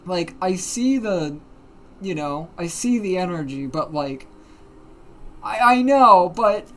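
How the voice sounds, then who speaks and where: A livestreamer telling a story in casual, animated talk, swearing often and using plenty of fillers. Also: mid-range voice, slow, a little hiss or hum. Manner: animated, profane, many fillers.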